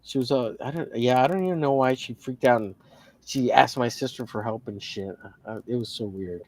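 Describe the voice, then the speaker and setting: A man's voice: medium pitch, a little fast, dry recording. Profane, rambling man telling a story. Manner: profane, rambling, restarts a lot. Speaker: co-host of a drawing livestream. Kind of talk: casual storytelling chat.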